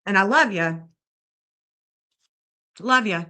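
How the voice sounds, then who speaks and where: A woman in her fifties who streams true crime comments on a livestream, scolding bluntly and with indignation. She speaks slowly in an expressive, sharp-toned, mid-range voice.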